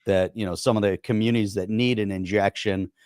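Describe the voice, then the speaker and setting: A man with a lowish voice co-hosts a podcast, speaking loosely and emphatically. He leans on fillers and restarts as he makes his points. His voice is recorded dry and close, with little room sound. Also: fairly even intonation, fairly quick, darkish tone, clear, resonant tone, no room sound. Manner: rambling, emphatic, frequent "you know" fillers. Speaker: podcast co-host. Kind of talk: casual political chat.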